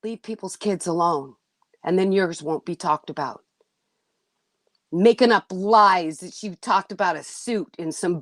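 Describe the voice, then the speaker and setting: A woman's voice: medium pitch, dry recording. A woman hosting a livestream, venting bluntly and indignantly to her chat, cursing now and then. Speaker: livestream host.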